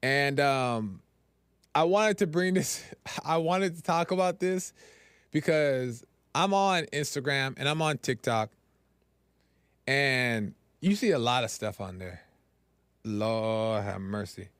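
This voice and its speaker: A man's voice: fairly high pitch, expressive, slow, a bit bright, clear, resonant tone, dry recording. A man hosting a solo podcast, talking in a casual, conversational way, repeating phrases for emphasis. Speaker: podcast host.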